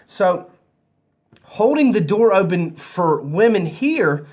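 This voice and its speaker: A man with a Southern US accent chats to camera in a loose, rambling way, his voice sitting a little high. He sounds easygoing and conversational, like he is talking to friends from a hotel room. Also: sing-song, slow, a little mellow. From American South. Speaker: vlogger. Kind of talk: casual storytelling to camera.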